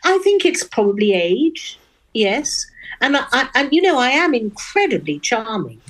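An older Englishwoman with a posh Oxford accent, a guest in a radio interview, speaking frankly and wittily with crisp diction. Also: fairly high pitch, very animated, measured pace, fairly bright tone. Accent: upper-class English (Oxford). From England.

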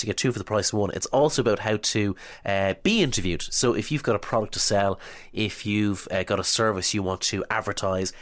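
Congested man hosting a podcast. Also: lowish voice. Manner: chatty and upbeat, with fillers. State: congested from a cold. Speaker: podcast host. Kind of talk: interview podcast chat.

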